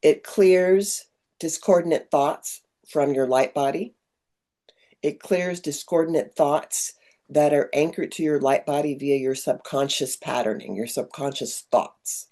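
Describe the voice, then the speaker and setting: A woman's voice: low-pitched, takes it slowly, mellow. A middle-aged woman leading a spiritual group talk over a video call, rambling and digressive with many ums. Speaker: workshop leader.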